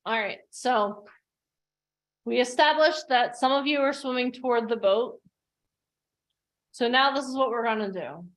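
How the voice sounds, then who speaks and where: A woman with a fairly high voice gives a motivational coaching talk over a video call. She tells stories with animated energy and acts out the voices of the people in them. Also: unhurried, pauses often. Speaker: coach hosting an online workshop.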